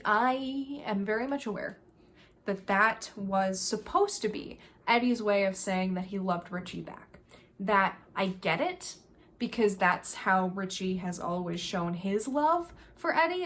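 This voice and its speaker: A woman talking to camera in a casual review vlog, ranting in an animated, exasperated way. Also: mid-range voice, a little slow. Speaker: video creator.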